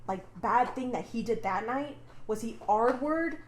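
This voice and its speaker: A woman's voice: fairly high pitch, a little slow, a little hiss or hum. Chatty woman in an echoey room. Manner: rambling, filler-heavy, swears freely. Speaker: podcast co-host. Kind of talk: casual chat retelling a book plot.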